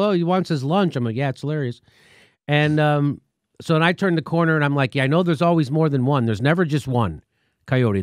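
A man's voice: medium pitch, no echo, clean studio sound. A man hosting a talk show, telling a story casually and acting out what people said, with swearing. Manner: animated, acts out quotes with profanity. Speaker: show host.

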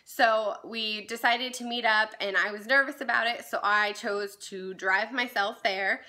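Bright-voiced chatty young woman vlogger. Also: a little high, steady tone, unhurried. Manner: chatty, many fillers like "like" and "um", laughs at herself. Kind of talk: casual storytime vlog.

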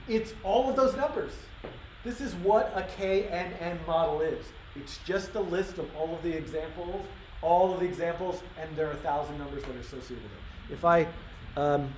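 A man's voice: on the high side, darkish tone. Chatty man live-coding in a roomy hall. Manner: chatty, thinking aloud, frequent fillers and restarts. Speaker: coding workshop instructor. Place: workshop room. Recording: roomy live-stream audio with faint room noise.

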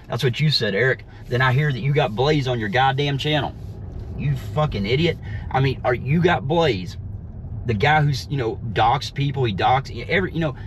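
A man vents in a rough, profane rant from behind the wheel, his voice sitting at an ordinary pitch for a man. Faint road hum from the car runs under his words, and his mocking tone never lets up. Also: expressive, brisk. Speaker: vlogger. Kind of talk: ranting while driving. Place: inside a car. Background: faint vehicle noise.

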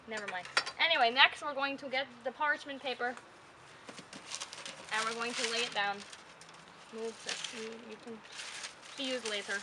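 A woman demonstrating a recipe at an outdoor grill, chatting casually and joking with the food as she works. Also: a little high. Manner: goofy, talks to the food. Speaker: home cook demonstrating a recipe. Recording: outdoor wind and ambient noise.

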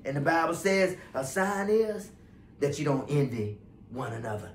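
A male pastor preaching a fervent sermon, swinging from hushed passages to loud ones. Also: on the high side, very animated, normal speed, roomy sound. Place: church sanctuary.

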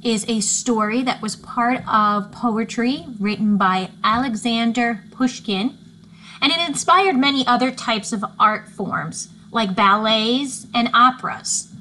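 A woman calmly giving background facts in a children's art lesson. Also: fairly high pitch, slow, slight background noise, low-quality recording. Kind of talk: explanatory narration.

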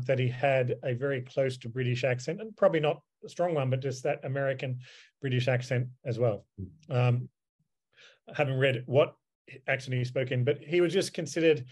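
A man's voice: medium pitch, a little mellow. A man, a solicitor advocate, answering questions after his seminar talk on a video call, in a discursive way with many fillers and repeated words.

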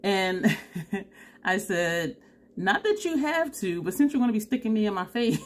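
A woman's voice: mid-range voice, unhurried. Chatty, tired woman. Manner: chatty, animated, laughs often, acts out both sides of a dialogue. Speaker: beauty vlogger. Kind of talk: casual storytelling to camera.

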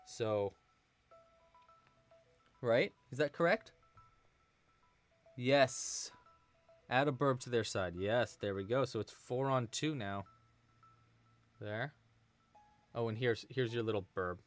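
Guy hosting a crochet livestream, casual chatty talk, answers chat, soft music in the back. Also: medium pitch, slow pace, long pauses. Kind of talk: casual live-stream tutorial chat.

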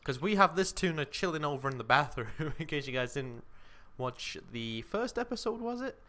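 A man's voice: a little high, lively intonation, moderate pace, sharp tone. A young man casually commenting on his life-simulation game, chatting to his character as he plays. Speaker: gaming commentator. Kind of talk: casual let's-play commentary. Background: game music.

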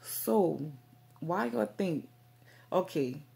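Woman vlogging to cam, low voice with some fry, rambly, stumbles a lot. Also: animated, drawn-out words, mellow. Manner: rambling, heavy on fillers, stumbles over words. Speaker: Christian vlogger. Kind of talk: casual direct-to-camera talk.

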